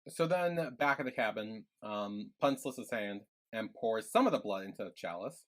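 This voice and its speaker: A man's voice: fairly low pitch, lively intonation, normal speed, a bit bright. A young man co-hosting a podcast, retelling scenes from a series in a loose, filler-heavy way. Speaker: podcast co-host. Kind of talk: casual recap chat.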